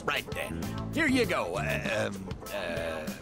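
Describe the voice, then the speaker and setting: A forgetful kindly old bookshop grandpa. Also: male voice, fairly low pitch, wildly swooping pitch, slow, vocal fry, loud music behind the voice, full character voice. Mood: warm, teasing. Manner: gentle, rambling, teasing. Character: forgetful, kindly elderly male bookstore owner. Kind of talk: video game voice acting.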